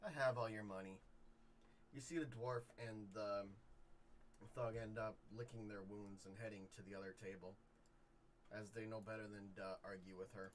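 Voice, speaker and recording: A man runs a tabletop game as game master, and his somewhat low voice keeps a relaxed, loose narration going. There is faint noise behind him. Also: normal speed.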